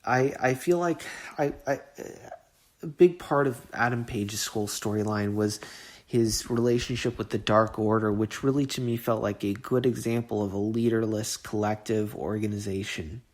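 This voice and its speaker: A man's voice: fairly low pitch, moderate pace. A man hosting his own podcast, giving an earnest, emotional monologue and often repeating and restarting his words. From Southern California. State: getting emotional. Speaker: podcast host.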